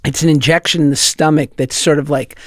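A man as a podcast guest in casual chat, self-deprecating and quick to laugh. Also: fairly high pitch, steady tone, dry recording, clean studio sound.

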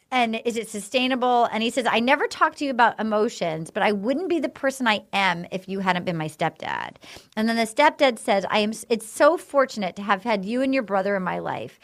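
A woman's voice: medium pitch, a bit bright. A woman hosting a podcast over a video call, chatting casually as she retells a TV episode with quoted dialogue and lots of fillers. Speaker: podcast host. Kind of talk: casual chat recapping a TV episode.

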